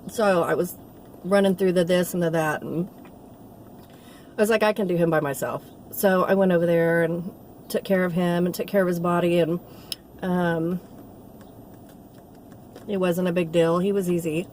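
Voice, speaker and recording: A woman's voice: fairly low pitch, steady tone, moderate pace, long pauses, a little mellow, a little hiss or hum. A middle-aged woman, a nursing assistant telling a rambling, heartfelt story in a casual vlog. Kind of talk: casual talking-to-camera vlog.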